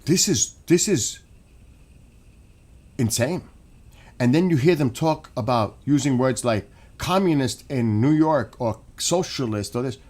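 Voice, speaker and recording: A man streaming and ranting in a casual monologue, animated and swearing. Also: mid-range voice, measured pace.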